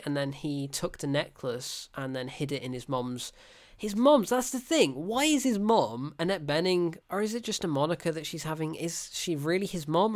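A film reviewer giving a casual, unscripted review, blunt and exasperated, laughing often and correcting themselves mid-sentence. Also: mid-range voice. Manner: rambling and unscripted, with self-corrections.

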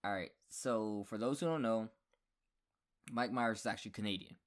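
A man's voice: fairly low pitch, moderate pace. A man co-hosting a podcast in casual conversation. He reads out trivia facts and fills the gaps with ums and let's-sees. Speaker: podcast co-host. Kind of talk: casual chat.

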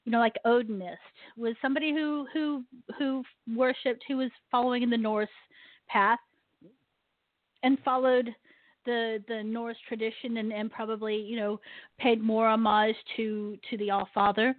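Woman radio host, animated rant, fairly high voice, tinny phone-line sound, dry. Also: moderate pace, no echo. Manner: animated, ranting, laughs often. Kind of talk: casual radio talk with a guest.

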